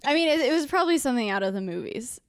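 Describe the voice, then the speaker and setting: A woman's voice: high-pitched, animated, very fast, smooth, no room sound. A woman hosting an interview, asking encouraging follow-up questions in a reflective, conversational way.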